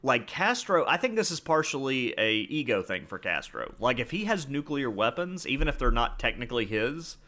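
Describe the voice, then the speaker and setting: A man's voice: mid-range voice, big pitch swings, normal speed, few pauses, pushed and bright. A young man co-hosting a podcast, chatty and full of "like" as he explains history. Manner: chatty, interjecting, uses "like" a lot. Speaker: podcast co-host. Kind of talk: casual history podcast chat.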